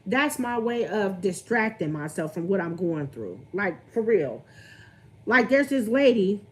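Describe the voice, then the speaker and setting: A woman's voice: medium pitch, sing-song, unhurried. A young woman, venting candidly on her livestream and greeting viewers as she talks. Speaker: vlogger on a livestream.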